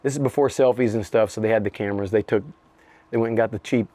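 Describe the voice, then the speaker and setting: A man's voice: lowish voice, steady tone, quick pace, warm tone, dry recording. A middle-aged man, a rapper being interviewed, telling a story with lots of swearing and laughter and acting out the other people's voices. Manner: profane, laughing, acts out voices in his stories. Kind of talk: animated storytelling in conversation.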